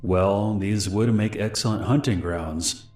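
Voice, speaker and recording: A man's voice: lowish voice, a little slow, darkish tone, echoey room, faint music behind, natural voice. A man voicing a falsely friendly stranger in his twenties who turns cold and menacing.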